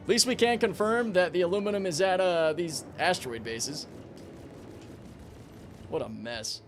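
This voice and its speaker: A young man streaming a space game, chatting casually with his viewers, excitable and swearing freely. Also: sits high, moderate pace, faint music behind. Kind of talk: casual livestream commentary.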